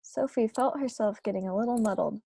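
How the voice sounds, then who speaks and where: A woman reading a children's novel aloud to a book club in steady storytelling narration. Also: fairly high pitch, a little fast, gravelly, slightly rough, dry recording.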